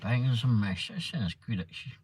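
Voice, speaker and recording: An English man chats on a casual livestream at an ordinary mid-range pitch. He rambles from topic to topic and answers viewers by name in a loose, easygoing way. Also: a little fast, a little mellow, husky, low-quality recording. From England. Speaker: livestream host. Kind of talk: casual chat reading live comments. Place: in a car around town.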